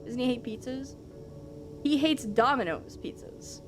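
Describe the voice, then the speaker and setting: A rather high-pitched woman streaming live from home, talking to her chat in a loose, rambling way, full of fillers and casual swearing. Her desk mic picks her up with soft music playing behind her. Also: a little slow.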